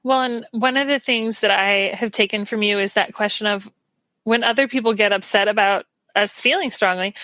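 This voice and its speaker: A woman's voice: mid-range voice, normal speed, pushed and bright, no room sound. A woman who is a guest on a podcast, talking earnestly and reflectively in casual chat, with frequent little laughs.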